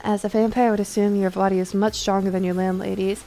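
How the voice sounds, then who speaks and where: A dry, stern nun who delivers everything in a cool, measured deadpan, as a woman streamer puts her on. She sits lower and softer than the streamer's usual bright voice, unmoved by any panic around her. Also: soft background music, close to an everyday voice, poor audio. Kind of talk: voice acting a game's dialogue on stream.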